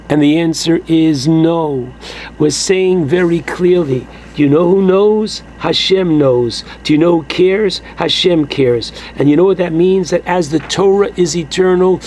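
Man, teaching a Torah class; high, unhurried, emphatic delivery, faint noise behind. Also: a little mellow, rough recording. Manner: slow and emphatic, with exclamations like "oh my goodness". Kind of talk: Torah lesson, translating Aramaic phrase by phrase.

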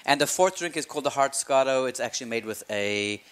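Fast-talking man with a South African accent. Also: mid-range voice, lively intonation, fairly bright tone, clean tone. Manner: jokey, upbeat, leads toasts. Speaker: host of a food magazine show. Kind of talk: casual kitchen chat. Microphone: headset.

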